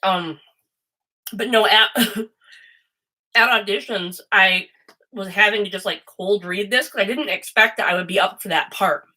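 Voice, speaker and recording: A woman chatting loosely on a livestream while reading tarot, her voice bright and sharp-edged. She rambles from story to story, swears freely and drifts off on tangents at a mid-range pitch. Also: measured pace, long pauses, poor audio. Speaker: host and tarot reader. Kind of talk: casual livestream chat.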